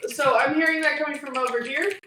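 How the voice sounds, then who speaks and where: A woman taking her turn in a tabletop game, brisk and matter-of-fact. Her voice is high, and it sounds roomy, with faint keyboard clicks behind it. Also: pushed and bright, distant mic, a little hiss or hum. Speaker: player. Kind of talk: casual tabletop play.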